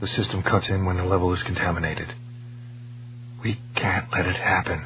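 A man voicing a grave, terse male scientist who speaks low and clipped, on a dull lo-fi recording with a faint hum. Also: flat delivery, fast talker, close to an everyday voice. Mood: tense.

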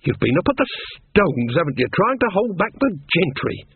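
Earthy, mothering old witch, put on by a man; raised and fretful, husky voice on thin phone-like sound. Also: high-pitched, sing-song, normal speed, dry recording, pitched above the performer's own voice, full character voice.

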